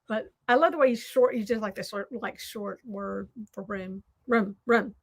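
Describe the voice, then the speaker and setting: A Southern American woman hosting, chatting casually and rambling while she crafts, quick to poke fun at herself. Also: medium pitch. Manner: chatty, rambling, self-deprecating. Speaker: host.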